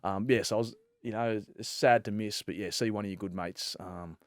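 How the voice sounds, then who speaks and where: A professional fast bowler in his late thirties, speaking with an Australian accent, tells stories as a guest in a loose, rambling chat full of fillers and restarts. His voice is on the low side, fairly even in intonation and brisk, captured in a dry, studio-quality recording.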